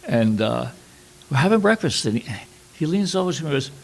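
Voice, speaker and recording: Gravelly middle-aged man telling a war story. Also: on the high side, very animated. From New York City. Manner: halting, with frequent fillers and restarts. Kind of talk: personal storytelling at a workshop.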